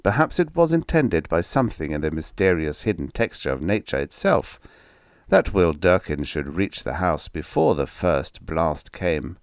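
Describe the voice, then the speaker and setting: A man reads a horror story aloud with a measured, steady delivery. His voice is deep, and the recording is dry and close. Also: dry recording. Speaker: audiobook narrator. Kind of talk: scripted narration.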